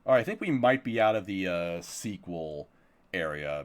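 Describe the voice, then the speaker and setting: A man's voice: sits low, lively intonation, normal speed. A man streaming live, chatting casually about upcoming anime, swearing freely and laughing often.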